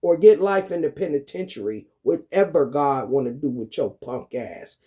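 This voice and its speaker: A vlogger delivers an angry, confrontational rant to camera, swearing throughout. He's expressive at a normal speed, swinging between loud outbursts and low muttering.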